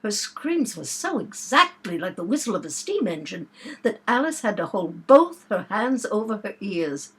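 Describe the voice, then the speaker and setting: A woman reading a storybook aloud in an unhurried, expressive narration. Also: medium pitch, husky. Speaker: reader.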